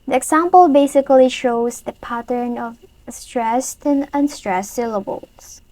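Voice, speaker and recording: Woman presenter, slow and careful, reading a prepared lesson; dry close mic. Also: sits high, darkish tone, dry recording, poor audio.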